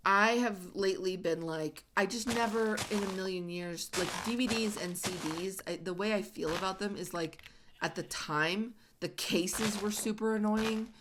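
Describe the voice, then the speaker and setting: A woman's voice: medium pitch, moderate pace, background noise. A woman hosting a casual let's-play, chatting and rambling with lots of "like" fillers as she plays. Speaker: gaming channel host.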